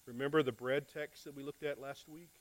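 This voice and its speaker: A man's voice: medium pitch, steady tone, fairly quick, low-quality recording. A male pastor preaching a conversational sermon to his church, often asking rhetorical questions and repeating words.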